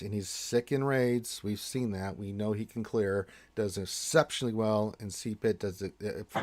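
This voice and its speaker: A man's voice: medium pitch, no echo. A man co-hosting a gaming livestream, giving casual, laid-back advice to viewers and calling them dude and man. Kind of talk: casual chat, reading viewer questions.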